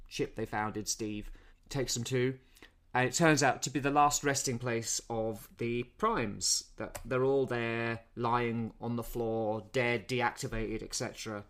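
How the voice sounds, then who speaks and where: A man co-hosting a casual film-review podcast, walking through the plot at length. He repeats words and restarts often as he goes, at a mid-range pitch. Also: fairly bright tone, clear, resonant tone. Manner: rambling recap, many repeated words. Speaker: podcast co-host.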